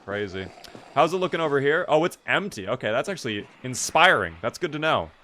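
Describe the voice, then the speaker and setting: A chatty man streaming a game and talking to his viewers in a loose, rambling way. His voice sits at an ordinary middle pitch for a man. A steady noisy hiss runs under the recording. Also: brisk. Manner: rambling, chatty, lots of "like" fillers. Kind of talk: casual live-stream chat.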